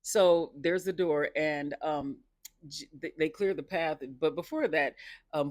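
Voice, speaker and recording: A man casually recapping a TV episode, chatty and laughing often, with excited personal asides. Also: fairly high pitch, unhurried, no room sound, studio quality.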